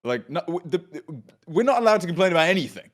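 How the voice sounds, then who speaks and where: A man's voice: sits high, big pitch swings, quick pace. A British man co-hosting a casual reaction chat, rambling through his points and laughing often. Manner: giggly, rambling, lots of fillers. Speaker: co-host.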